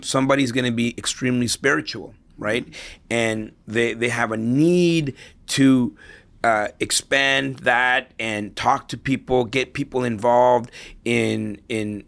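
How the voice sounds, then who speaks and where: A middle-aged man with a gravelly, fry-laden voice of middling pitch tells stories as a podcast guest. He talks in a reflective, motivational way, circling back over his phrases and checking in with a "right?" now and then. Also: a bit bright. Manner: storytelling, repeats himself, tags lines with "right?". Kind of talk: conversational podcast interview.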